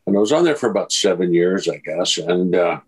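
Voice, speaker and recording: A man's voice: low voice, fairly quick, breathy edge, low-quality recording. An older man, an actor, telling anecdotes in an interview and acting out the dialogue with a chuckle. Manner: lively storyteller who acts out dialogue, chuckles. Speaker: actor guest.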